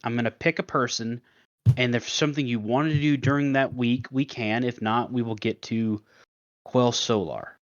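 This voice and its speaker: A man's voice: mid-range voice, fairly even intonation, normal speed, no echo, highs cut off. A man running a tabletop role-playing game as its dungeon master, narrating casually and laughing often.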